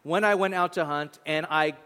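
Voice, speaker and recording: A man's voice: a little high, moderate pace, bright, forceful tone, clear, resonant tone. A man voicing the young Jacob as an anxious, pleading schemer in a sermon retelling. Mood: lying. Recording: long hall reverb.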